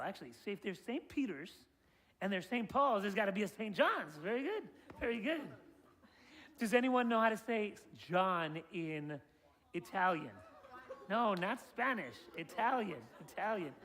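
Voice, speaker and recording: A man with a high-pitched voice leads a class through an interactive presentation, like a guide previewing a tour. He keeps tossing questions to his listeners and praising each answer. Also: fairly bright tone. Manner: quizzes the audience and praises their answers. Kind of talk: interactive presentation to a student audience.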